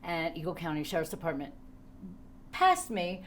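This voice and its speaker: Chatty, lively woman podcast host. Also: on the low side, moderate pace. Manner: lively, emphatic storyteller who laughs often. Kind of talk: casual chat.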